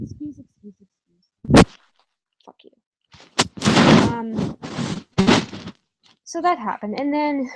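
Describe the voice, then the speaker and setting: Young female vlogger, casual storytime straight to camera, slightly higher voice, candid and profane. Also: highs cut off. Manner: candid and animated, with frequent swearing and fillers.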